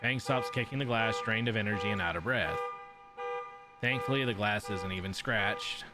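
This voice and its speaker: A man's voice: fairly low pitch, normal speed, over loud music. A man streaming himself reading a visual novel aloud in a casual way, with swearing and offhand asides.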